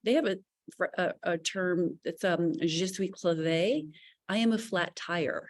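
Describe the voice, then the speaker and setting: Animated woman talking on a video call. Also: on the low side, normal speed. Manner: animated, many restarts and asides. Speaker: panelist. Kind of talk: casual panel discussion.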